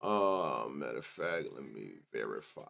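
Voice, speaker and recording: A man's voice: rumbling low, big pitch swings, unhurried, vocal fry, fairly bright tone. A man hosting a sports betting show, thinking aloud in casual chat as he reads off numbers and mutters to himself. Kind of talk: casual solo stats rundown.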